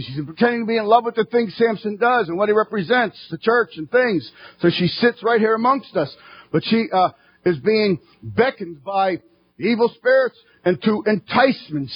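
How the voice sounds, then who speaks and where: A man preaching a fervent sermon in church, his voice rising to shouting at its peaks. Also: high voice, lively intonation, normal speed, husky, no room sound, muffled recording.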